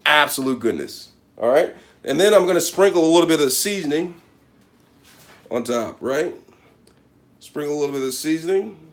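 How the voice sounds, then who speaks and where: This man's voice is slightly high and animated, moving fairly quickly but with frequent pauses. He's a comedic cooking vlogger doing a deadpan parody show from his home kitchen, boasting to viewers and repeating his catchphrases.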